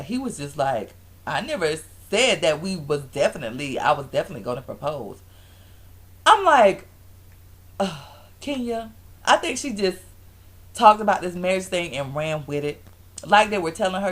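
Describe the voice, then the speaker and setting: A woman chats through a recap, her voice leaping up and down as she plays everyone's lines. She sits a little low in pitch and laughs between stories. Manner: animated storytelling, acting out quotes in different voices, frequent laughs. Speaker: vlogger reviewing a reality show. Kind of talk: casual recap vlog.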